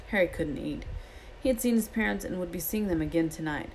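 A woman reading a novel aloud as an expressive storyteller. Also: on the low side, a little fast, a little hiss or hum, low-quality recording. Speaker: reader.

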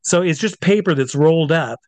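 A man working as a stage hypnotist, telling anecdotes in an interview in an animated way and acting out what others said. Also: fairly high pitch, a little fast, no room sound. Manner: animated, acts out quotes of others. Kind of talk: storytelling in a conversational interview.

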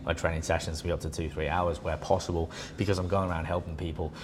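A man's voice: low-pitched, quick pace, long reverb tail, slight background noise. A man, a personal trainer, chatting casually and animatedly acting out what people said to him. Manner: animated storyteller, acts out quotes, swears freely. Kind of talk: casual chat.

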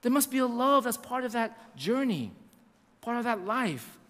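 A male pastor delivers a sermon in a high voice that swings widely in pitch. He repeats phrases for emphasis and acts out little asides. The voice carries a long hall reverb. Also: moderate pace. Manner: animated, repetitive preaching with acted-out asides.

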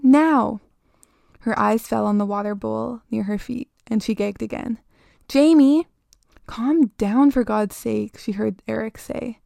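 A woman reading a horror story aloud in a steady, measured way. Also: mid-range voice, gravelly, dry recording, clean studio sound.

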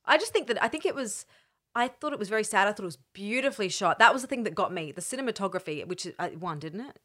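A woman's voice: medium pitch, animated, fast, fairly bright tone. A woman co-hosting a podcast, chatting casually about films and gushing enthusiastically, often repeating her praise. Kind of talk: casual film chat.

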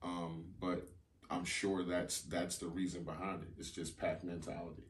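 A man's voice: sits low, little pitch movement, moderate pace, echoey room, distant mic, a little hiss or hum. A man co-hosting a podcast, talking in a loose, slangy, joking way in casual chat. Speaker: podcast co-host.

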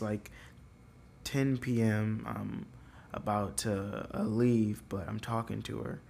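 Young guy rambling through a story, lots of likes and whatevers, bit of vocal fry. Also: on the low side, a little hiss or hum. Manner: rambling, filler-heavy, loose. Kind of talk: casual storytelling.

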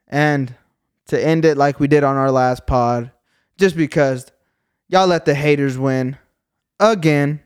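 A man's voice: a little high, unhurried, pauses often, clear, resonant tone, no room sound, clean studio sound. A man hosting a podcast in casual chat, brash and joking, swearing freely. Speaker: podcast host.

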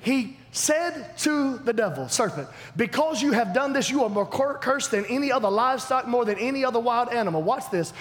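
Very high-voiced preacher in echoing hall. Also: male voice, moderate pace, hardly any pauses. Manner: animated, emphatic, swings from loud to hushed. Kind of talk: sermon. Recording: long hall reverb, faint background noise.

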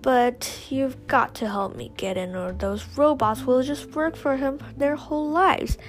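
Woman doing a determined girl adventurer, pleading, urgent, raised pitch, storybook reading. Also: unhurried, faint music behind.

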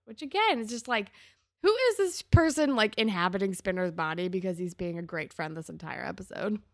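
A young woman co-hosting a casual podcast, recapping a TV episode and acting out the characters' lines with big jumps in pitch. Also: a little fast, a bit bright, no echo, clean studio sound. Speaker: podcast co-host.

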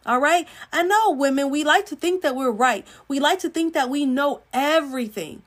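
A woman's voice: high voice, lively intonation, normal speed. A woman, giving relationship advice to women in an emphatic, preachy way that acts out what people say. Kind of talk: livestream advice talk.

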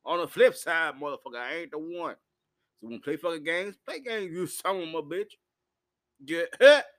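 A man's voice: on the high side, a little fast, fairly bright tone. A man, rambling profanely through a live-stream monologue while intoxicated. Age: 40s. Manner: profane, rowdy, loose storytelling.

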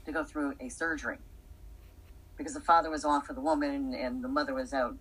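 Low raspy-voiced woman, earnest, talking about life. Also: fairly even intonation, quick pace, fairly bright tone, poor audio. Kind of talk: casual conversation.

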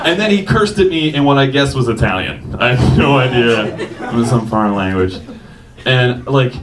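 A man's voice: medium pitch, animated, moderate pace. Self-mocking man telling a story on stage. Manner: self-mocking, laughing through lines. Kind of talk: live personal storytelling. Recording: distant mic with noise.

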